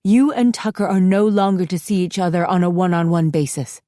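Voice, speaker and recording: A woman's voice: lowish voice, fairly quick, warm tone, no echo, clean studio sound, natural voice. Woman reading as a stern weary mother. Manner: firm and sarcastic.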